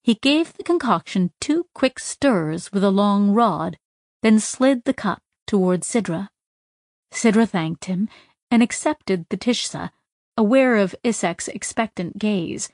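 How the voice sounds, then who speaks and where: A woman's voice: medium pitch, animated, measured pace, a little mellow, no echo, clean studio sound. A woman reading a science fiction story aloud as an audiobook narrator, with light voices for the characters. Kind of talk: scripted narration.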